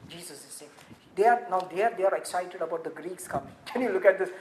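A woman preaching a sermon from scripture, animated, repeating phrases and asking rhetorical questions, swinging from emphatic peaks down to hushed low passages. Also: fast talker. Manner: animated, rising to emphatic peaks, then dropping very low and quiet. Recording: echoey room with faint background noise.

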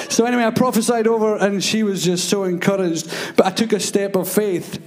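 A man preaching in a church service, telling animated, rambling stories with many fillers. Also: high voice, brisk, hardly any pauses. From Scotland. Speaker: guest preacher. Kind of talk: sermon storytelling.

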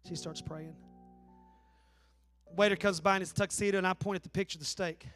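A man's voice: high voice, steady tone, brisk, pauses often, fairly bright tone, faint music behind. A man, preaching a sermon in a folksy, joking storytelling way. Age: 40s. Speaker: pastor. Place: church.

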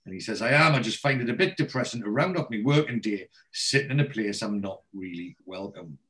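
A man's voice: lowish voice, lively intonation, a little fast, sharp tone. A man casually recapping a TV episode, quoting the characters' lines with frequent ums and restarts.

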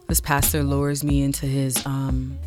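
Young woman, podcast host, casual slangy chat, expressive storytelling, music playing clearly behind. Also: a bass voice, unhurried.

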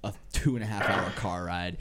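A young man co-hosting a casual comedy podcast, animated and laughing often as he drops into silly voices mid-story. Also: sits low, moderate pace, heavy background noise. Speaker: podcast co-host.

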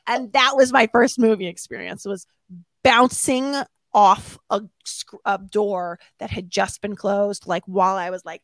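A woman telling a self-mocking story as an interview guest, animated and laughing often. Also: mid-range voice, unhurried, no echo.

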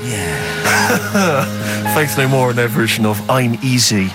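A man's voice: medium pitch, expressive, slow, loud music behind the voice. An English man co-hosting a radio show, presenting with a dry, wry manner. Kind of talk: casual radio banter. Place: radio studio.

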